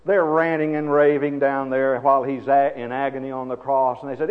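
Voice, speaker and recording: A man preaching a sermon, swinging from hushed, slow phrases to loud, emphatic ones. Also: medium pitch, flat delivery. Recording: dull sound with long reverb.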